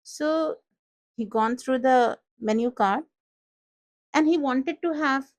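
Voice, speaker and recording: A woman's voice: high voice, takes it slowly, poor audio. A woman with an Indian accent casually improvising a story and mixing in Hindi phrases.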